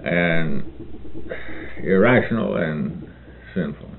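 Male reader-lecturer, deep and gravelly, unhurried, halting asides between read passages, narrow phone-like sound. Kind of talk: reading a novel aloud with commentary. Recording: phone-like narrow band with faint hiss.

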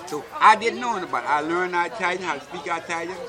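Speaking fast in a high-pitched voice, this older interviewee from Alabama shares folksy childhood stories for an oral history, frequently tossing in "see?" A crowd can be heard in the background.

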